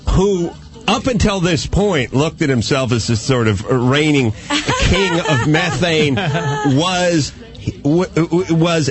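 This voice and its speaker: A man hosting a talk radio show, telling a long comic story in a rambling, animated way. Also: on the high side. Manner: animated, rambling, acts out quotes.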